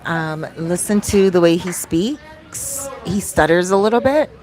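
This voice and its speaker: A woman's voice: lowish voice, lively intonation, a little slow, darkish tone. A middle-aged woman, a life coach, chatting casually to camera in a Q&A vlog and wandering off topic as she talks straight to her viewers. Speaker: soul coach hosting a Q&A vlog.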